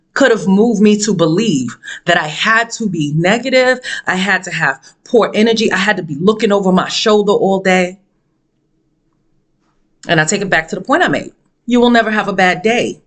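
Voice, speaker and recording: A woman speaking as a motivational speaker, telling a story dramatically with sudden jumps in pitch and emphatic, repeated phrases. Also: expressive, moderate pace. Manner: emphatic, preachy delivery with repetition. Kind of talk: storytelling monologue.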